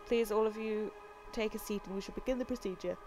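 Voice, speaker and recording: A woman reading the lines of a solemn man leading a ritual, formal and measured in her own voice. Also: medium pitch, steady tone, over music, close to an everyday voice. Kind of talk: reading game dialogue aloud.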